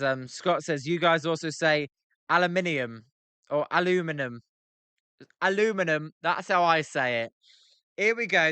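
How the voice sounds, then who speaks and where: With a slightly high, sharp, clean-toned voice and no echo, a young British man hosts a live stream. He comments casually on a baseball game, chatting with viewers and joking about pronunciations.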